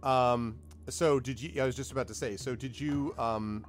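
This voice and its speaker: A man's voice: mid-range voice, steady tone, normal speed, faint music behind. A man narrating as game master in a tabletop game, hesitant with fillers.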